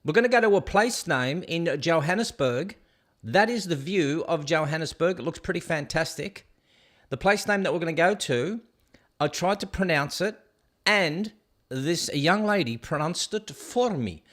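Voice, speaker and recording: A man's voice: on the high side, animated, moderate pace, fairly bright tone. Joking man hosting a casual show. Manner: joking, playful, stumbling over hard names. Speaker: show host. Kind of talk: casual rambling video commentary.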